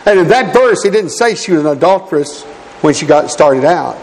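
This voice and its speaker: A male preacher with a high-pitched voice delivers an earnest, exhorting sermon, weaving in personal stories and calling out to the brethren. His voice rings with a long reverb, as in a church hall. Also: expressive, fairly quick, a little mellow.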